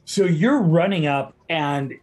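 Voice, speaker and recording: A man's voice: fairly high pitch, lively intonation, slow pace, darkish tone. A man running a tabletop game as game master, narrating the action and patiently explaining the rules.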